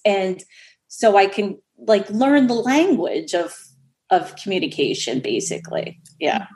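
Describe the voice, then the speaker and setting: A woman guest on a podcast, telling a rambling, animated story in casual chat. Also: mid-range voice, a little slow.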